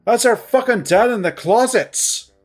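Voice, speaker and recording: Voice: mid-range voice, expressive, measured pace, faint music behind, voice pushed up, lightly acted. A narrator voicing a young male bat, angry and wounded, hissing out curses. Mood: shocked. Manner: hissing, swearing outbursts.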